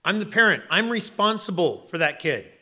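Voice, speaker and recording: A male pastor delivering a sermon in a bright, forceful voice that sits a little high for a man. He preaches emphatically, swinging from loud exclamations down to quiet, earnest tones. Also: very animated, moderate pace.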